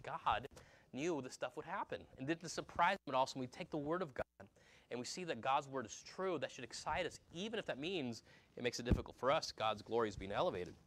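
Male pastor, casual sermon delivery, mid-pitched voice, stops to quiz the congregation. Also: expressive, a little fast, a bit bright, slight background noise. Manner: conversational, repeats words, asks the congregation questions.

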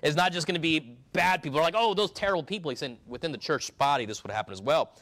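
A man with a fairly high voice preaches a sermon from the pulpit. His delivery is emphatic, rising to loud, urgent stretches and then dropping to hushed, low asides. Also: lively intonation, fast. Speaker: pastor.

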